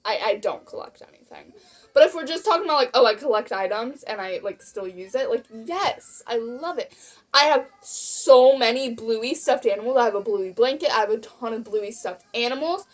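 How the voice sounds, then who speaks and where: A woman's voice: on the high side, expressive, moderate pace. A young woman vlogging a casual Q&A, bubbly and rambling, often giggling at her own jokes. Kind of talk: casual Q&A chat.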